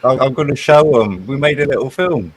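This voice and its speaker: A man hosting a live stream, chatty and teasing, a little halting in his speech. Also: mid-range voice, lively intonation, a little hiss or hum. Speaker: stream host. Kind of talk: casual live-stream chat.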